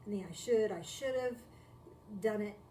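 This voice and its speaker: A spiritual teacher, a woman with a mellow, medium-pitched voice, speaks at a normal speed during a live-streamed talk from her home. She is reflective and conversational, repeating key phrases and posing rhetorical questions. The mic is distant, the room echoes, and there's faint background noise.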